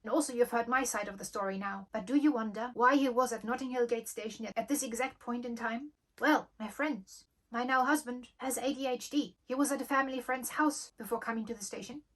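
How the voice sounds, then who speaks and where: Young woman vlogger, slightly high voice, lively storyteller. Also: brisk, few pauses. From Germany. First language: German. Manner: lively storytelling, acting out quoted dialogue. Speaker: channel host. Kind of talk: storytime vlog.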